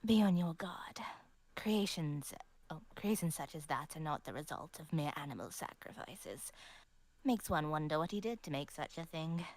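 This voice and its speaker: A sly, knowing stranger murmurs in a whispered role-play, put on by a woman. The hushed voice swoops up and down with mocking amusement and ends in dark warnings. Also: deep voice, lively intonation, normal speed, dry recording, pitched below the performer's own voice. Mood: ominous.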